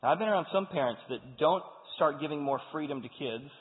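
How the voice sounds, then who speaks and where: A man preaching a sermon to a congregation, talking in an animated way and acting out the voices of the people he quotes. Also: a little high, a little fast. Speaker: pastor. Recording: phone-like sound with long hall reverb.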